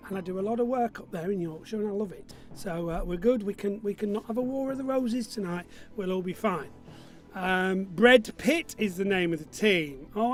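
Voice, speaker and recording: A man runs a live-streamed pub quiz. He talks in a light, high voice. He chats and jokes with his viewers and reads out their messages as they come in. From Burnley, Lancashire, England. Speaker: quiz host.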